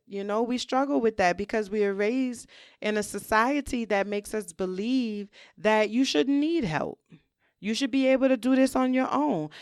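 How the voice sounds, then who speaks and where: A woman hosting a solo podcast, talking candidly and reflectively in a relaxed conversational way, often saying "you know". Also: on the high side, clean tone, dry recording, studio quality. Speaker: podcast host.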